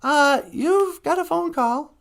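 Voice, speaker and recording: A man doing a chirpy high-voiced studio assistant. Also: slow pace, vocal fry, a bit bright, heavily acted.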